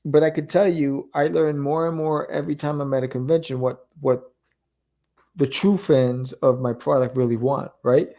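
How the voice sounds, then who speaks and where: A man in a casual podcast chat, talking in an animated, persuasive way. His voice sits slightly higher than most men's. He keeps checking in with a quick question as he makes his points. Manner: animated, keeps asking "right?". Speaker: comic creator guest.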